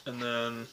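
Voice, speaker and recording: A man's voice: medium pitch, pushed and bright, a little hiss or hum. A young man casually ranking horror films, rambling with lots of fillers and self-corrections, voice cracking from hiccups. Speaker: movie reviewer.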